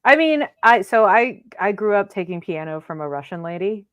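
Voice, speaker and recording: A woman co-hosting a podcast, chatting in an animated, enthusiastic way. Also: mid-range voice, moderate pace, no echo, lo-fi sound. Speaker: podcast co-host. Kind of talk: casual chat.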